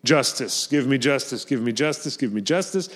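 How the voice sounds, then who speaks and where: A man's voice: mid-range voice, moderate pace, fairly bright tone, close to an everyday voice. A man voicing a persistent widow who begs insistently and repeats her plea over and over. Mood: pleading. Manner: repetitive, insistent pleading.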